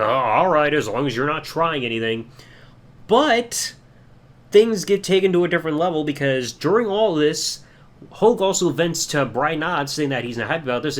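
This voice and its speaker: A man's voice: fairly high pitch, a bit bright. Rambling young man reviewing a show. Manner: rambling, swears casually. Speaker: podcast host. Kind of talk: casual solo review podcast.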